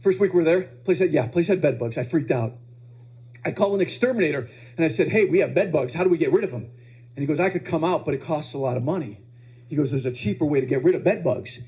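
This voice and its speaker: A man's voice: a little high, lively intonation, fast talker, dark tone, poor audio. A man doing a stand-up comedy set live on stage, telling family stories and acting out his kids' voices.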